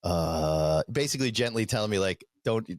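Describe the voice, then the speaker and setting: Laughing, lively-pitched male podcast host. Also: normal speed, dry recording, clean studio sound. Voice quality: swears freely, laughs through stories. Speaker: podcast co-host, youth football coach. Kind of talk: casual chat, storytelling.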